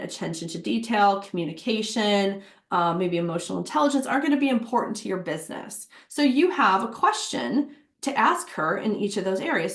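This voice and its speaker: Woman, HR workshop presenter, chatty and casual, fillers, echoey room. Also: mid-range voice. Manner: chatty, acts out quotes, frequent fillers.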